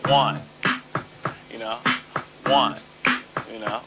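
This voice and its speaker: A man's voice: fairly high pitch, moderate pace. A man casually explaining a rhythm, counting beats aloud, laughing often and saying "you know" a lot. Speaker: guest bassist. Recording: loud music playing under the voice.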